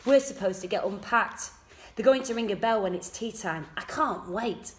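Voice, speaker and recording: A woman's voice: medium pitch, slight background noise, close to an everyday voice. A woman doing a cheerful chubby schoolboy. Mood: friendly. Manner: friendly, slow, munching. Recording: echoey room.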